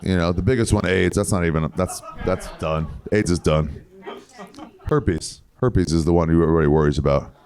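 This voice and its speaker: A man's voice: low voice, normal speed, a little mellow. A man doing improvised stand-up crowd work in a big comedy club, telling loose, wry stories with crude punchlines. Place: large comedy club main room. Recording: live club with crowd laughter. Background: audience laughter.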